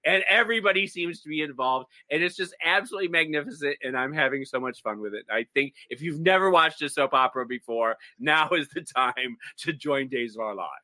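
Male co-host, gossipy storyteller, bright and sharp tone. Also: fairly high pitch, a little fast, hardly any pauses, no echo. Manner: gossipy, excitable storytelling with acted-out quotes. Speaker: podcast co-host. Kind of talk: animated casual chat.

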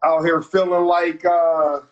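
A man joining a live stream as a guest, talking in a relaxed, casual way. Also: a little high, slow pace, highs cut off, crowd noise. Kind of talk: casual chat.

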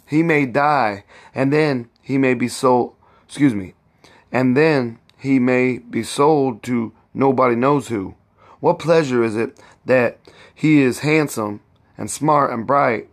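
A man's voice: mid-range voice, slow. A man reading aloud as a desperate young husband who speaks mournfully and earnestly. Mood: bitter.

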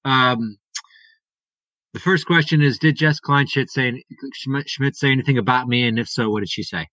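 A man's voice: medium pitch, normal speed, sharp tone, no room sound, lo-fi sound. A man co-hosting a podcast who runs a sports quiz game in a casual, rambling way and laughs at himself.

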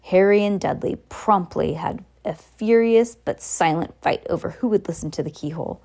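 A woman's voice: lowish voice, normal speed, gravelly. A young woman reading a novel aloud in a casual way, breaking off for chatty, playful asides. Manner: relaxed, chatty, with playful comments. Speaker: reader.

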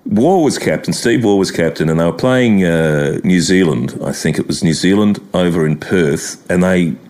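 A middle-aged Australian man chatting as a podcast guest, telling lively stories and breaking into laughs and quick impressions. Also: low voice. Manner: animated storytelling with impressions and laughter. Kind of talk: casual chat.

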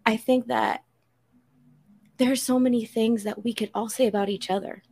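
A woman's voice: fairly high pitch, steady tone, moderate pace, mellow. A woman on a podcast making an earnest, preacherly appeal to listeners and quoting scripture. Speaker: podcast regular. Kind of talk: heartfelt spiritual appeal.

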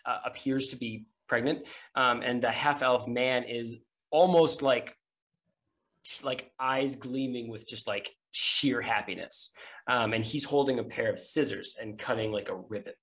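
A game master narrating a tabletop game on a podcast, casual and halting with many fillers. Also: mid-range voice, a bit bright. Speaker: dungeon master.

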